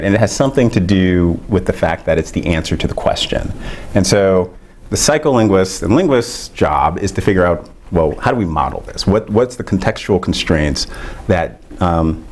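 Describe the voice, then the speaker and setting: A middle-aged man giving an academic lecture, explaining ideas in a measured way with frequent fillers. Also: low voice, lively intonation, darkish tone, slight background noise.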